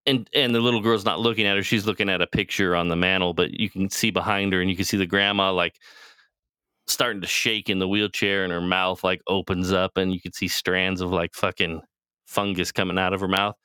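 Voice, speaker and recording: A podcast co-host casually retells a TV show in a rambling, profane way, acting out the characters' lines. His low voice is smooth and sharp-toned, delivered briskly and flatly. The studio sound is clean, with no room sound.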